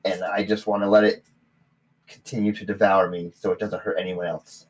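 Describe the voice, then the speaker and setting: A man voicing a frightened, bearded old tavern sleeper who speaks in halting, quiet fear. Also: sits low, flat delivery, slight background noise, lightly acted, low-quality recording. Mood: fearful.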